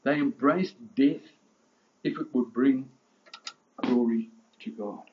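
A man's voice: medium pitch, slow pace, lo-fi sound. A man preaching a sermon as pastor, impassioned, with rising emphasis and frequent restarts.

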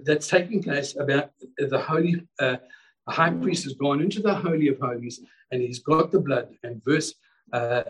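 A man's voice: fairly high pitch, distant mic, poor audio. A male pastor preaching a sermon in a church service, fervent and exclamatory, often repeating words as he builds a point.

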